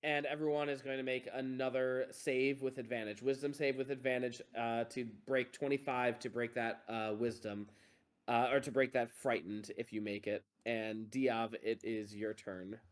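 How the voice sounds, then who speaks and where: A man runs a tabletop game as dungeon master. He talks in a relaxed way and fills his pauses with "uh" as he narrates and calls for rolls. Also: mid-range voice. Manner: relaxed, with frequent filler pauses.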